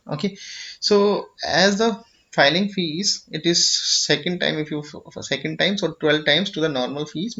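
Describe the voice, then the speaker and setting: A somewhat high, slightly bright male voice with an Indian English accent guides viewers through a filing form in an explanatory screen-share tutorial. Restarts come often, and he keeps checking in with "okay?" The audio quality is dull and lo-fi.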